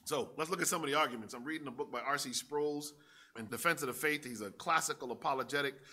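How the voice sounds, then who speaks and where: Male preacher, forceful voice, dramatic sermon delivery that swells into shouts. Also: medium pitch, fast. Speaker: pastor.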